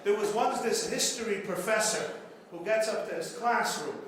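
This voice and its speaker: High-voiced man speaking in an echoey hall. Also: moderate pace, a bit bright. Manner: storytelling with jokes and dramatic repetition. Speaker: rabbi giving a keynote speech. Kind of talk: after-dinner keynote speech. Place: large banquet hall. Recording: very echoey hall with faint room noise.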